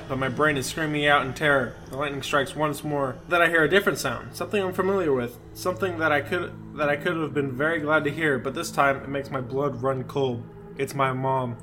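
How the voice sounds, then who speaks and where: A man's voice: fairly high pitch, fairly even intonation, a little fast. Man reading a creepy story aloud, laughing. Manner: laughs through the reading, breaks off to joke. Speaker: podcast co-host.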